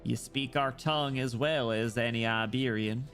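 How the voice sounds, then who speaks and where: A man voicing a serene older male inquisitor leader, speaking slowly, gravely and with composure. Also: mid-range voice, steady tone, a bit bright, soft background music, natural voice. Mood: grave, composed.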